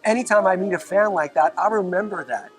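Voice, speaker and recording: Music sits in the background as a man with a high voice talks briskly. He's a musician guest from the Bronx, New York, telling stories casually and profanely outdoors in a park and animatedly acting out the quotes.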